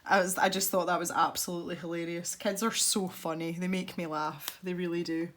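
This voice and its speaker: A woman's voice: fairly low pitch, level tone, brisk, a bit bright, slight background noise. A Scottish woman chatting casually to viewers as she colours in her art channel video, rambling and breaking off into little laughs. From Scotland. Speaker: art YouTuber. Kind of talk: casual chat while colouring.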